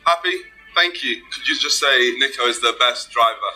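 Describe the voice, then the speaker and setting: A man's voice: medium pitch, moderate pace, pushed and bright, faint music behind, rough recording. A man talking cheekily to strangers during a prank. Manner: cheeky, playful. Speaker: prank video creator. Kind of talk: prank video talk.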